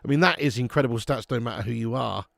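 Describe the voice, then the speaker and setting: A gravelly-voiced man talking casually over a live football match, loose and chatty with the odd swear word. His voice is dry and close to the mic. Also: mid-range voice, fast talker, fairly bright tone, no room sound. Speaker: host. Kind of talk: live football watch-along commentary.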